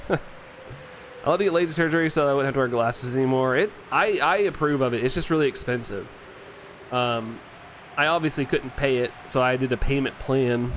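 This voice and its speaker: A man's voice: medium pitch, brisk, fairly bright tone, a little hiss or hum. Rambling young man streaming a game. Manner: rambling, filler-heavy, laughs often. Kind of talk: casual chat while playing, reading chat.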